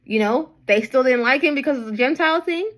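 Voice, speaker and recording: Animated young woman retelling scripture. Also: fast, rough recording. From Nigeria. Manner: animated, acts out crowds with high-pitched quoted voices and slang. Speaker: bible study vlogger.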